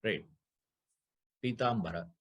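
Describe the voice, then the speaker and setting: A man's voice: lowish voice, slow pace, muffled recording. A man teaching a scripture class, explaining Sanskrit grammar, repeating key terms and putting rhetorical questions to his listeners.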